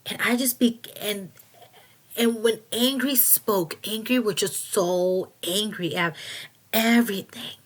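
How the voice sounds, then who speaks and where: Slow, halting woman sharing a testimony. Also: medium pitch. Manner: halting, with many restarts and trailing fillers. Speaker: person giving a testimony. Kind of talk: personal testimony, casual retelling.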